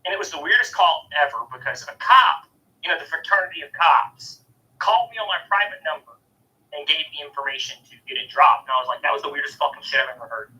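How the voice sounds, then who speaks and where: A man's voice: a little high, fast talker, pushed and bright, rough recording. A man with a St. telling a story in a casual podcast chat, blunt and matter-of-fact with some swearing. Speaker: podcast co-host.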